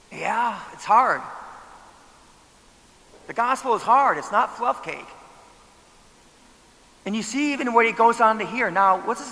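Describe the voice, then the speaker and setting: A man preaching a sermon as pastor, with a high, bright, gravelly voice. He talks in a conversational way and keeps asking the congregation rhetorical questions. Long church-hall reverb trails behind him.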